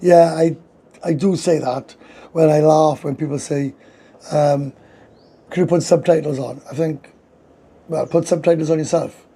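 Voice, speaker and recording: Gravelly tired Welsh man chatting. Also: a little high, steady tone, dark tone. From Wales. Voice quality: gravelly, husky voice. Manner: fast, slangy and swearing, reading chat comments aloud. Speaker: livestream host. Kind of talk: casual livestream chat. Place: indoors, sitting with a coffee.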